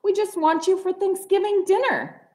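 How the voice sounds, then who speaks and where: A hearty male moose from a picture book, voiced by a woman reading aloud. He talks briskly and cheerfully, firm about what he wants. The sound carries the echo of a roomy space. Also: extremely high pitch, a little mellow, pitched above the performer's own voice. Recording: roomy echoey room.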